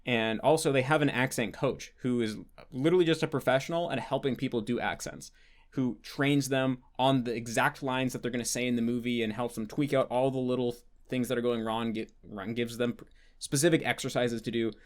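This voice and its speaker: A man's voice: mid-range voice, fairly quick. American man rambling through a Q&A. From United States. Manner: thinking aloud, frequent fillers and restarts. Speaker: host answering patron questions. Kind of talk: casual Q&A monologue.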